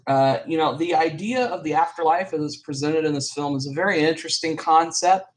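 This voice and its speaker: A man's voice: a little high, a little fast. A man co-hosting a podcast, giving casual movie reviews with blunt, emphatic verdicts. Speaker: podcast co-host.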